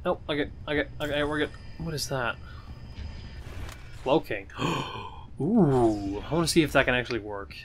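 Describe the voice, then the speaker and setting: A gamer giving casual gameplay commentary on a blind playthrough, excitable, swearing often and talking back at enemies. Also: medium pitch, normal speed, slight background noise. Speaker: gamer playing a shooter.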